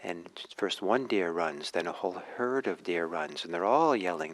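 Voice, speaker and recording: A male meditation teacher telling a teaching story in a dharma talk, gentle and unhurried, with frequent hesitations. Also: low-pitched, expressive, poor audio.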